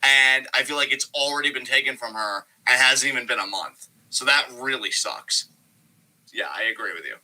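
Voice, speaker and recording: Bright-voiced man in casual wrestling chat. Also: mid-range voice, normal speed, poor audio. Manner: rambling, animated, frequent swearing. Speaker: podcast co-host.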